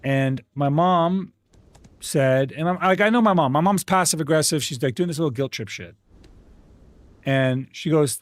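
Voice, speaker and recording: Indignant male streamer, profane storyteller, slightly high pitch, dry booth. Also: no room sound. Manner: profane and indignant, talking fast through a family argument. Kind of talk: casual storytelling to a live chat.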